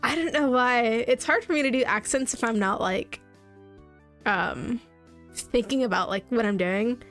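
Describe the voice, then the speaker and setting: A woman's voice: fairly high pitch, unhurried, a bit bright, soft background music. A woman streamer giving casual, giggly, rambling commentary while playing a game. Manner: giggly, rambling, self-deprecating. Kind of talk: casual let's-play commentary.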